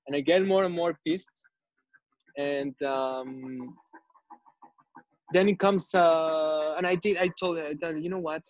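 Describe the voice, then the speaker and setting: A male artist, interviewed over a video call, telling a story in a relaxed, rambling way with many restarts. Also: fairly high pitch, takes it slowly, pauses often, no room sound. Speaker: artist guest. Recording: dull lo-fi video call audio.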